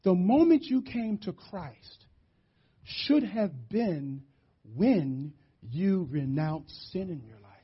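A middle-aged man from West Philadelphia preaching a sermon, animated and storytelling, shouting for emphasis. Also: high-pitched, slow, husky. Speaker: pastor. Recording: muffled lo-fi church audio.

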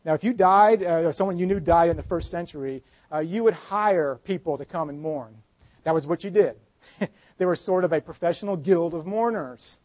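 A man preaching a sermon in an earnest way, dropping his voice softly when he speaks Jesus' words. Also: fairly high pitch, moderate pace, dry recording, rough recording. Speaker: pastor.

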